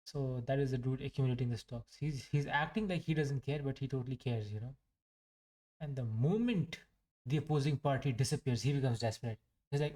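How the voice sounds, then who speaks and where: Talking at a fairly quick pace in a warm, mid-range voice, a young man goes over his day trades live. His casual commentary is rambling and joking, with plenty of self-mockery.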